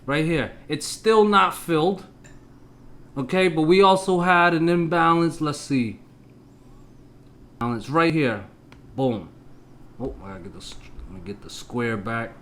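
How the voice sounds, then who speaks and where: A man's voice: a little high, animated, unhurried, long pauses, a bit bright. A man giving a casual stock chart analysis, talking straight to his viewers in an emphatic, punchy way. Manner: punchy, with exclamations. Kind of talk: casual market analysis talk.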